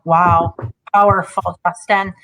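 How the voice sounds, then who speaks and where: Woman, host, slow pace, bright tone, hesitant affirming questions. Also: on the low side, level tone. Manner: affirming, asks questions haltingly with fillers. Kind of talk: podcast interview.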